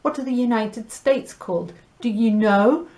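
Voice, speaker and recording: Slow, clear woman teaching Spanish. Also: fairly high pitch, mellow. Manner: slow, clear pronunciation drills with light laughs; mixes Spanish words into English. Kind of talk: recorded language lesson.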